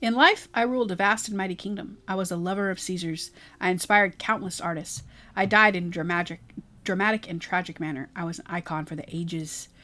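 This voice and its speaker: A woman's voice: on the low side, a little fast, sharp tone. A woman voicing a vain, queenly female cyber ghost, talking in a grand, self-important way while reading game dialogue aloud. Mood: grandiose.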